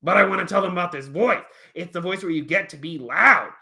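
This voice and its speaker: A bouncy, overeager grizzly bear puppet, forever itching to shout, talks in a raised, bright and loud voice, put on by a man. He is a kindly bear who simply loses control of his excitement. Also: high voice, normal speed, vocal fry, voice pushed up, exaggerated voice. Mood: excited. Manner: eager, bursting to shout, whiny when told no.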